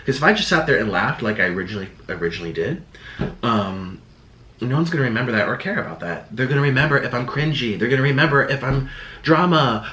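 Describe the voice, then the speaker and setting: A man's voice: mid-range voice, lively intonation, fast, sharp tone. A young man YouTuber talking casually to camera, rambling and defensive, slipping into sarcastic quoted voices. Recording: echoey room.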